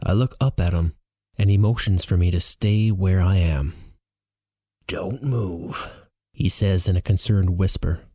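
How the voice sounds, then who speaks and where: A man narrating a novel in the first person with an animated, expressive reading. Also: sits low, moderate pace, no echo, studio quality. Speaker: audiobook reader.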